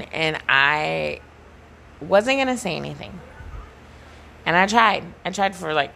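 A woman's voice: fairly low pitch, vocal fry, fairly bright tone, a little hiss or hum. A young woman telling a profane, emphatic story in a casual vlog rant, packed with "like" and swearing. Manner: profane, emphatic, heavy use of "like".

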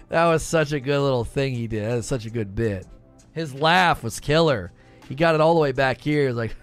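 A man hosting a casual live stream, rambling through quick asides and reading out chat. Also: mid-range voice, clean tone, faint music behind. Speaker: livestream host.

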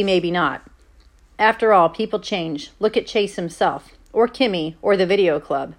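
A woman teacher reading a novel aloud to her class in a plain, conversational way. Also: medium pitch.

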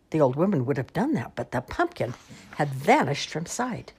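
A woman reading children's picture books aloud in an expressive, sing-song storytelling manner. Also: low voice, normal speed, slightly rough.

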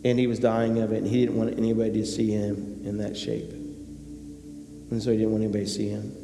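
A man's voice: fairly low pitch, completely flat delivery, quick pace, gravelly. A man preaching a sermon as pastor, telling a personal story and then acting out the characters before urging his church emphatically. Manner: storytelling, acts out characters, rising to emphatic exhortation. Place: church sanctuary. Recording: echoey hall with faint hum.

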